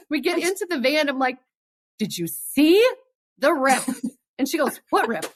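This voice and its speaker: A woman guest on a casual podcast tells a story expressively. Her voice sits a bit high and swings widely, jumping up sharply at the big moments. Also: normal speed. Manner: expressive, voice jumps high when retelling. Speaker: podcast guest, host's twin sister.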